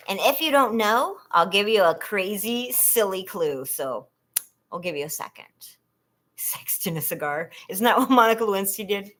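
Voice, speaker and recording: A woman's voice: mid-range voice, bright, forceful tone. A woman from California hosting a casual trivia livestream, chatty and giggling often as she reads questions and talks to viewers.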